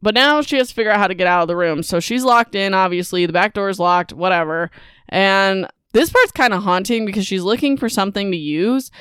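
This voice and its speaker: A young woman recaps a novel for her podcast, talking in a loose, chatty way and sounding exasperated as she fills gaps with casual fillers. Her voice is smooth and clear, with a dry, close sound and no room around it. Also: mid-range voice, brisk, a bit bright, no room sound. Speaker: book podcast host.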